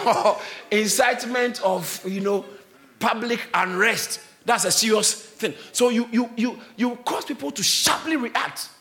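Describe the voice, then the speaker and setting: Addressing his church, a pastor with a strikingly high, bright voice preaches a little slowly. He spells out words and explains them, building into shouts and laughter as he drives his point home.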